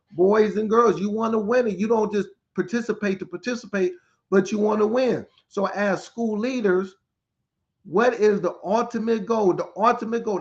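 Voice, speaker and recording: A middle-aged man with a fairly high voice runs a live podcast, greeting viewers by name one after another. Energetic and repetitive, he hypes up the audience, and the audio is a bit dull and lo-fi. He's a school turnaround specialist.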